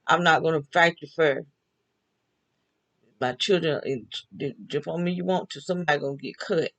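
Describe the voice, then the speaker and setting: Older woman, gravelly voice, chatty storyteller who laughs often. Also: low voice, normal speed, a bit bright, low-quality recording. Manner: chatty, laughs often, talks back and forth with herself. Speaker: vlogger. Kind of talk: casual storytelling monologue.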